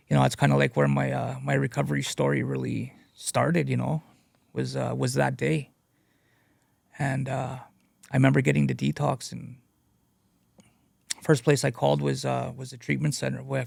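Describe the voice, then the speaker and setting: Man, recovery testimony, gravelly fry, dry close sound, halting earnest delivery, casual storytelling. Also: medium pitch, flat delivery, darkish tone, no echo. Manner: halting, earnest, leans on "you know". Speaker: guest speaker sharing his recovery story.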